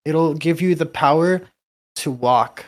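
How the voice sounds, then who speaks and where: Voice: medium pitch, slow. A player in a tabletop role-playing game who talks in a playful, hesitant, rambling way.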